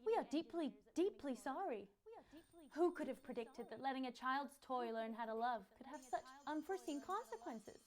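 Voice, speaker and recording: An English actress playing a slick toy company spokeswoman in a put-on American accent, with smooth salesy corporate delivery. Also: high-pitched, animated, normal speed. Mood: apologetic. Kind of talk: comedy audio drama acting.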